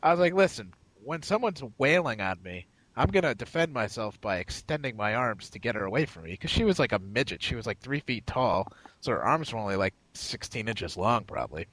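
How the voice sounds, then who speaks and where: Lively-voiced man telling a rambling story. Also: medium pitch, fairly quick, low-quality recording. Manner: rambling, profane anecdote-telling with quoted voices. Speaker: podcast co-host. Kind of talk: casual storytelling chat.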